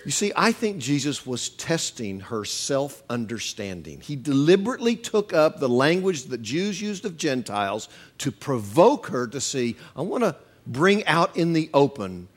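A middle-aged male pastor preaching a sermon, animated and acting out quoted voices with humor. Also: mid-range voice.

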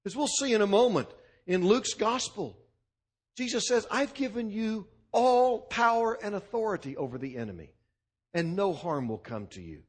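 A man preaching a sermon, driving his points home with punchy repeated lists. His voice sits fairly high and moves in lively, wide swoops of pitch. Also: moderate pace, breathy edge. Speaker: pastor.

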